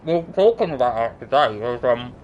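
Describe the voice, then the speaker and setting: A man's voice: medium pitch, expressive, moderate pace, a little mellow, muffled recording, a little hiss or hum. A man with a southern English accent, casually rambling through stories about his work day. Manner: rambling, laid-back storytelling. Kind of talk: casual chat.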